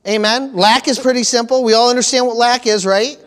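A man's voice: extremely high pitch, steady tone, a little fast, fairly bright tone. A man preaching a sermon as pastor, calling out for amens and repeating key phrases for emphasis.

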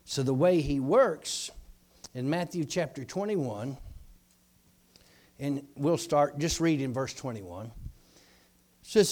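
A man preaching a sermon, telling a story in a folksy, rambling way and dropping his voice low when quoting others. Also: measured pace, long pauses, darkish tone.

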